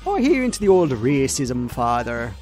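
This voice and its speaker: A man impersonating an eager, pushy older Irish housekeeper woman in a high, insistent put-on Irish accent. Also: sing-song, moderate pace, darkish tone, soft background music, lightly acted. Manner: high, insistent, repetitive offering.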